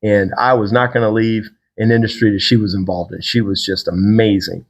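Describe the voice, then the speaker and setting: A middle-aged man hosting a podcast, telling a personal faith story in a casual, animated way and acting out the people he quotes. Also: fairly quick. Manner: animated storyteller, acts out quotes with big pitch jumps. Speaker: podcast host.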